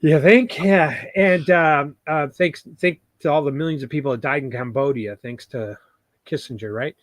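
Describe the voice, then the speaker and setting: A man's voice: fairly high pitch, normal speed, dry recording. A man co-hosting a casual podcast, explaining ideas in a loose, hesitant way with many restarts. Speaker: podcast co-host.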